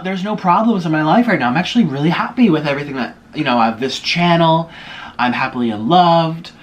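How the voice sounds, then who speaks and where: A young man telling a rambling story to the camera while eating, pausing to chew between stories. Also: medium pitch, a little hiss or hum. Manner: chatty, rambling, with chewing and food noises between stories. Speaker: vlogger. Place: home room, sitting at a table.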